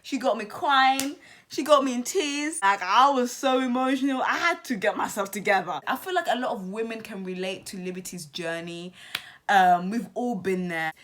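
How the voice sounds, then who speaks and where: A young woman commenting on a reality TV episode to her channel viewers, chatty and animated, repeating herself and saying "like" often. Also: a little high, normal speed. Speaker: YouTube reality show commentator. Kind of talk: casual commentary to camera.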